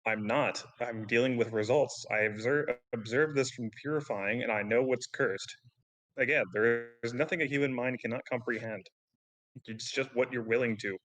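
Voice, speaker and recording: A man's voice: mid-range voice, fairly even intonation, moderate pace, a bit bright, low-quality recording. A man playing a tabletop role-playing game who banters in character, blunt and sardonic, lecturing the others. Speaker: player.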